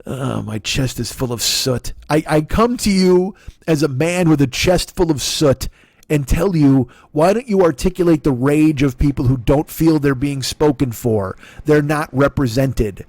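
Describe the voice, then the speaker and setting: A comedian and podcast host who rants angrily and sarcastically, swearing constantly. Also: male voice, fairly high pitch, a little slow, a little mellow, no room sound, studio quality. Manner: angry, profane, sarcastic ranting. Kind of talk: profane comic rant.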